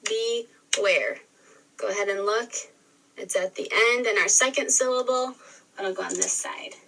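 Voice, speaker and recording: A woman teacher giving a recorded spelling lesson, sounding words out slowly and clearly syllable by syllable. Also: mid-range voice, pushed and bright. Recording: re-filmed video playback, distant sound.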